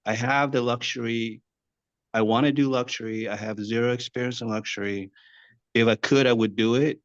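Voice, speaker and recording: A man's voice: mid-range voice, steady tone, moderate pace, no room sound. A man asking an earnest, rambling question over a video call. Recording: dull lo-fi video call audio.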